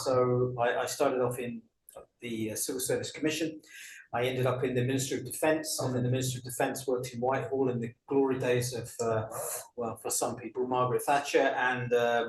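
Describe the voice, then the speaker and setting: A man in his sixties with a London accent, a guest telling his life story in a relaxed, dryly humorous way. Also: medium pitch, slight background noise. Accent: London English. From England. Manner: dry self-mocking humour, chatty. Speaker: guest career coach. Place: indoor room, on a couch. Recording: roomy echo, faint ambience.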